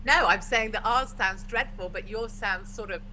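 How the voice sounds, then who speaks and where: A woman's voice: medium pitch, moderate pace, sharp tone, a little hiss or hum, poor audio. A forthright, opinionated English woman from the UK, chatting as a guest in a casual video-call conversation. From United Kingdom.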